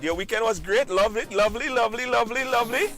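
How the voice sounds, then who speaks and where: A man hosting a live-stream talk show, animated, repeating phrases and breaking into sing-song shout-outs to viewers. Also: extremely high pitch, rapid-fire, soft background music. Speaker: host.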